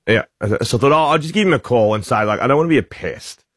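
A man's voice: mid-range voice, lively intonation, quick pace, husky, dry recording, studio quality. A man in his forties with an Australian accent, a breakfast radio host telling an anecdote and acting out the quotes. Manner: storytelling, acts out quotes. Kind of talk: casual radio banter, anecdote. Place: radio studio. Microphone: studio mic.

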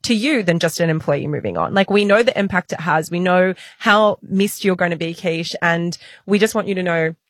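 A woman hosting a podcast, with a husky voice. She speaks in an earnest, heartfelt way. The sound is dry and close. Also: fairly low pitch, moderate pace, few pauses, no echo. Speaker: podcast host. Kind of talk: casual podcast chat.

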